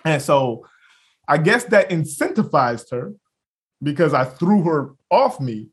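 This young podcast co-host has a fairly high voice and takes his time. In a casual episode, he tells a story full of profanity and laughter, performing the other characters' lines as he goes.

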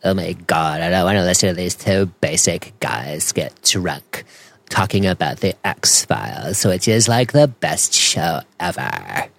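A man's voice: sits low, expressive, a little slow, vocal fry, a bit bright, full character voice. A man putting on the voice of a snooty, whiny know-it-all superfan.

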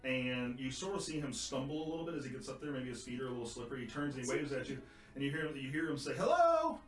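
A man narrating a tabletop game as game master, relaxed and rambling, with many fillers. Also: medium pitch, rapid-fire, soft background music. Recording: echoey room.

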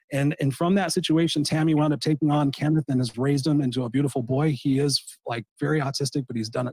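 A man's voice: fairly high pitch, darkish tone, husky, no echo. A man, a coach, speaking in a heartfelt way about personal loss on a podcast, often restarting his sentences. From Southern California. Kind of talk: emotional personal storytelling.

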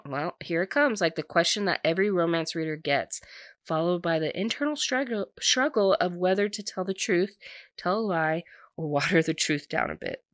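A young woman with a lowish voice, chattily recapping a novel and filling her talk with "like". The sound is dry and close, with no room around it. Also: no echo. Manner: chatty, heavy use of "like". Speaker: book reviewer. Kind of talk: casual book recap.

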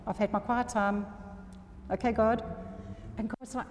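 A woman's voice: fairly high pitch, normal speed, darkish tone, a little hiss or hum. A woman preaching an earnest sermon to a congregation, often checking that her listeners are still with her. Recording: long reverb of a hall.

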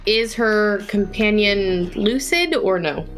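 A woman player in a tabletop game, briskly describing what her character does. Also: mid-range voice, fairly bright tone. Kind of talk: casual tabletop play.

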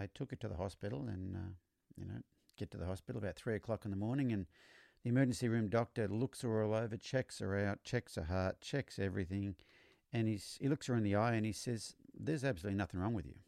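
A man hosting a podcast, explaining horse training in a relaxed storytelling way, often repeating words as he restarts. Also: fairly low pitch, creaky, no room sound, clean studio sound. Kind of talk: conversational teaching monologue.

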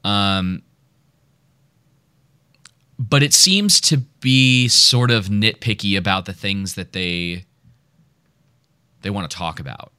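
A man's voice: lowish voice, slow, long pauses, bright, forceful tone, clean tone, no room sound, studio quality. A man co-hosting a podcast in casual chat, rambling and hesitant with many fillers. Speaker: podcast co-host.

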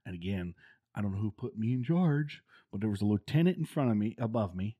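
A man's voice: lowish voice, brisk, husky, dull audio. A middle-aged man, a former Marine, casually telling stories and acting out the voices of people in them. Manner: animated, acts out quoted voices, laughs often. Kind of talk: casual storytelling.

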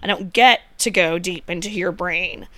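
A woman co-hosting a podcast, blunt and quick to laugh, swearing freely in casual chat. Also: on the low side, bright, forceful tone, no echo. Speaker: podcast co-host.

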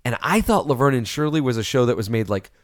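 A man's voice: medium pitch, animated, fast talker, no room sound, studio quality. A man co-hosting a movie podcast, talking enthusiastically in a casual chat with rambling restarts. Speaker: podcast co-host.

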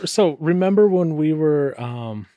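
A man's voice: fairly high pitch, animated, measured pace, dry recording, muffled recording. Joking man co-hosting a podcast. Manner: joking, teasing, playful asides. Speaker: podcast co-host. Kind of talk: casual chat.

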